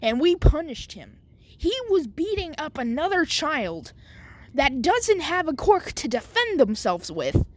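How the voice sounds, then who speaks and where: Woman doing a high, shouting male principal. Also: sing-song, unhurried. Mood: lecturing. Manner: indignant, scolding, lecturing.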